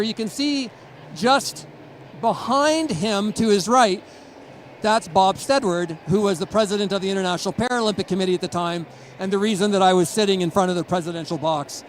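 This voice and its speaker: Man, from Canada, middle-aged, conference talk, storytelling, high voice. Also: a little hiss or hum, poor audio. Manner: storytelling, chuckles, acts out quotes. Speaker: conference speaker. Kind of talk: conference presentation.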